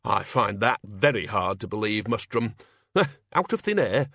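A man voicing a pompous, irritable older male wizard in an audiobook, snappish and quick to take offence. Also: lowish voice, big pitch swings, creaky, fairly bright tone, dry recording, clean studio sound, exaggerated voice. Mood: scoffing.

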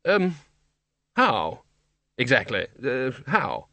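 A man playing a gruff, blustering old archwizard. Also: medium pitch, huge pitch swings, extremely slow, bright, forceful tone, no room sound, full character voice. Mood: flustered. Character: blustering older male archchancellor wizard.

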